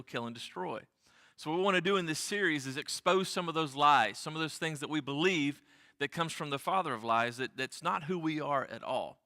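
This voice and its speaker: This pastor's voice is mid-range, bright and forceful as he delivers an earnest sermon in a church sanctuary, leaning on repeated key phrases. The hall gives it a long reverb.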